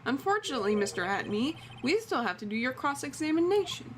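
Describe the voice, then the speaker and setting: A woman's voice: high voice, very animated, quick pace, a little hiss or hum. A woman reading the lines of an earnest young male defense lawyer in a courtroom game, in her own voice.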